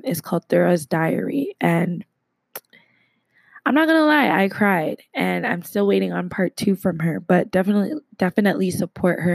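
A woman hosts her podcast alone, rambling warmly through shout-outs with a slight lisp. Her voice carries a bit of vocal fry. The sound is dry and close, with no room around it. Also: fairly low pitch, dry recording. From Canada. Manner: enthusiastic, rambling, many fillers and shout-outs. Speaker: podcast host. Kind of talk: casual solo podcast segment.

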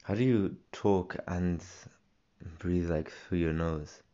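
A man's voice: low voice, takes it slowly, highs cut off, heavy background noise. A young man hosting a solo podcast, rambling casually with many fillers and restarts. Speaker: podcast host.

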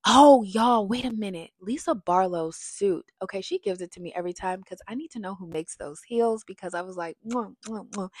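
A woman's voice: fairly low pitch, no echo. Chatty woman reviewing reality TV. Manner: chatty, animated, gets loud when worked up. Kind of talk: casual episode review.

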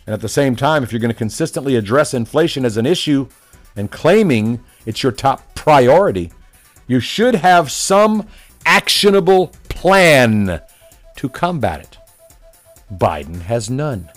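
A man's voice: mid-range voice, very animated, unhurried, faint music behind. A man delivering a combative, mocking political opinion monologue as a commentator. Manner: mocking, combative, name-calling.

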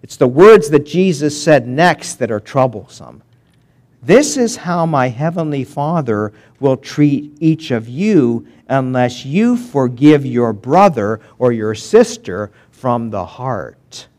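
A man preaching a sermon, reading scripture verses and explaining them to his congregation. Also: medium pitch. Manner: animated preaching with long pauses, reading scripture aloud. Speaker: pastor.

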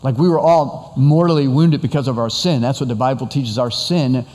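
A man's voice: mid-range voice, moderate pace, a little mellow, big-room sound. A man preaching a sermon as pastor, earnest and conversational, often repeating and stressing words.

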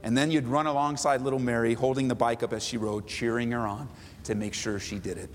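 A man, a pastor, preaching an animated, emphatic sermon in a church hall. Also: mid-range voice, fairly quick. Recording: echoey hall, faint noise.

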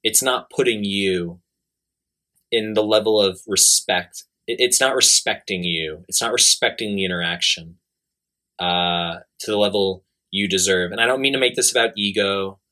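A man with a fairly low but bright, forceful voice, talking casually as a dating coach. He is blunt and emphatic and repeats his points to drive them home. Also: normal speed. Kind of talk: casual advice talk.

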